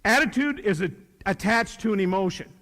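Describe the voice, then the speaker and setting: A middle-aged man with a high voice addresses students in a folksy, animated way, slipping into little voices for the dialogue he acts out. His words ring with the long reverb of a large hall. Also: brisk. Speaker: teacher giving a talk. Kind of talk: motivational speech to students.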